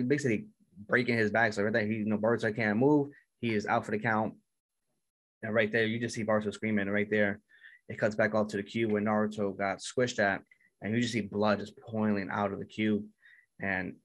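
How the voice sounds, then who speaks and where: A man casually recapping an anime episode, excitable and full of "yo" and "like" fillers. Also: on the low side. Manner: excitable, filler-heavy retelling with "yo" and "like". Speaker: anime reviewer.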